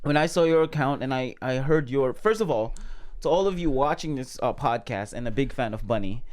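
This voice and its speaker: A man hosting a podcast in casual chat, excitable and quick to laugh as he hypes up his guest. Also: mid-range voice. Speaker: podcast host.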